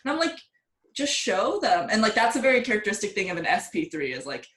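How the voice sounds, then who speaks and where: A woman's voice: mid-range voice, big pitch swings, very fast, fairly bright tone, echoey room. A woman co-hosting a casual podcast chat, speaking frankly and logically with exasperated asides. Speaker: podcast co-host. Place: studio.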